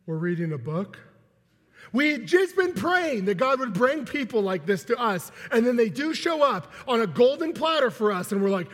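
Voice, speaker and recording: Young guy preaching, husky voice, big echoey church hall, acts out the voices. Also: high voice, moderate pace. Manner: animated, acts out quoted voices with laughs. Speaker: pastor. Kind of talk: sermon with storytelling. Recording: long hall reverb.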